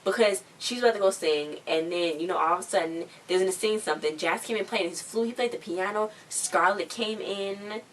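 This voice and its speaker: A woman's voice: medium pitch, brisk, hardly any pauses, far from the mic, slight background noise. A woman recapping a TV episode in a casual, slangy, chatty way, often acting out what characters say. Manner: chatty, slangy, acts out quotes. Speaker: show recap vlogger.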